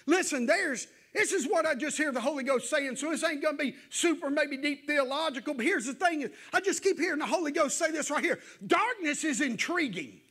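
A man's voice: very high voice, lively intonation, fairly quick, hardly any pauses, sharp tone. A male pastor, preaching an evening sermon in a folksy, conversational way that builds into fervent exhortation. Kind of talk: evening sermon to a church congregation. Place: church.

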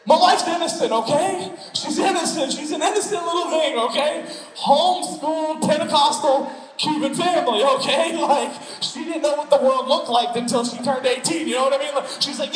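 A male pastor preaching a sermon, telling stories with an animated, playful manner and quick asides. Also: extremely high pitch, a crowd in the background. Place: church sanctuary. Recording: echoey church hall.

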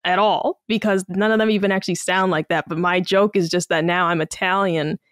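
A woman's voice: on the low side, fairly even intonation, a little fast, no echo, clean studio sound. A woman in casual podcast chat, talking in a chatty, joking way.

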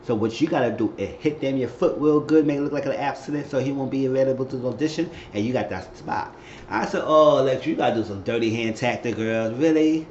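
Animated man recapping a TV episode. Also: quick pace, a little hiss or hum. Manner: animated retelling, acting out quotes with high squeals. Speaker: recap host. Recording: echoey room, dull lo-fi sound.

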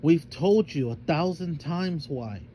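Man doing a thylacine mother, stern, protective, scolding, higher voice, mellow tone. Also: expressive, slow, a little hiss or hum, poor audio. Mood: lecturing. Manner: scolding, fearful lecturing.

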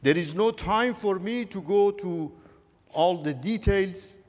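A man giving a conference talk, halting and earnest, often repeating words as he goes. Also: sits high. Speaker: conference speaker. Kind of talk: lecture on religious history. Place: large conference hall. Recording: echoey conference hall.

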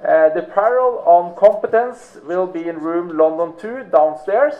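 A man's voice: sits high, lively intonation, measured pace. A man giving practical schedule announcements to a conference audience in a hotel ballroom, matter-of-fact with many fillers. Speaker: event organizer making announcements. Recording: tinny phone-like recording.

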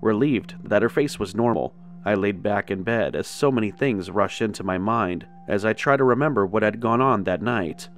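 A man telling a first-person horror story in a steady, measured narration. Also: fairly low pitch, soft background music.

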